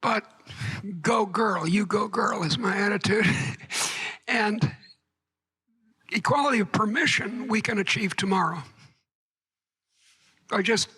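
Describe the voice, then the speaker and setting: Slow, wry woman giving a keynote. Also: mid-range voice, a bit bright, breathy edge, low-quality recording. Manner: wry and digressive, with joking asides. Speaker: keynote speaker. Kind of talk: conference keynote lecture. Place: conference room before a live audience.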